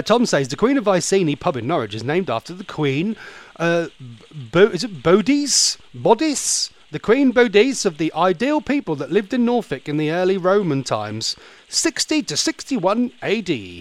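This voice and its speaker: A man hosting a casual radio show, chatty, rambling and playfully theatrical. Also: a little high. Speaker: radio host.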